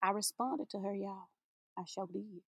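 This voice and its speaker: A woman's voice: mid-range voice, moderate pace, gravelly, a bit bright, husky, no echo. A woman teacher giving an inspirational spoken-word monologue, sassy and playful, laughing often and drawing out her words for emphasis.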